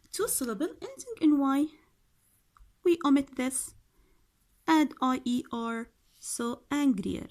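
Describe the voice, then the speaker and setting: Slow, patient woman teacher with an Arabic accent, higher voice, walks through each word and repeats it. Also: a little mellow. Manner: patient, repeats each word, asks and answers her own questions. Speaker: English teacher. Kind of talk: workbook grammar lesson.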